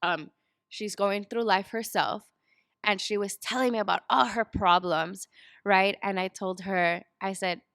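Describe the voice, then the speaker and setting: Bright-voiced woman telling her story. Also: mid-range voice, measured pace, gravelly, dry recording, clean studio sound. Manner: storytelling, animated when acting out quotes. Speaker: guest. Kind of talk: casual interview chat.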